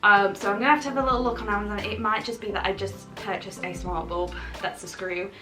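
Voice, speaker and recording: A woman's voice: mid-range voice, fairly even intonation, fast, over loud music. A woman, chatting casually and enthusiastically to camera at home, often laughing. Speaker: lifestyle vlogger. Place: at home, indoors.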